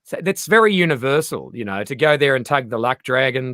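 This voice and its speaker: Animated man telling stories. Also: mid-range voice, a little fast, no echo, clean studio sound. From Australia. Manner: animated storyteller, acts out quoted voices. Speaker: comedian guest. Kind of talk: casual chat.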